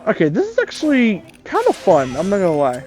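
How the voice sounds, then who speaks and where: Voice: medium pitch, wildly swooping pitch, a little fast, darkish tone, faint music behind. A let's play commentator talking loosely over gameplay, self-deprecating and swearing casually.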